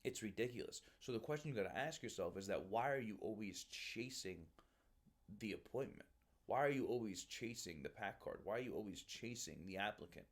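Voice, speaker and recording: A man's voice: lowish voice, animated, a little fast. A man hosting a casual podcast, talking animatedly and calling the listener bro. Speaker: Marine recruiter podcast host.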